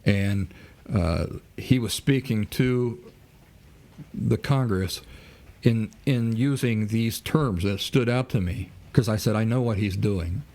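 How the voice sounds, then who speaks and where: Speaking slowly in a lowish, darkish voice, this man hosts a podcast and lectures solo, tossing out rhetorical questions and performing pretend back-and-forth exchanges.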